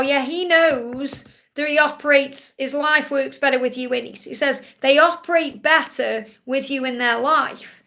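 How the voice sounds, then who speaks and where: A woman's voice: high-pitched, pushed and bright. A woman doing a live-stream tarot reading, reassuring her viewers in a soothing way and often repeating her phrases. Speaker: tarot card reader.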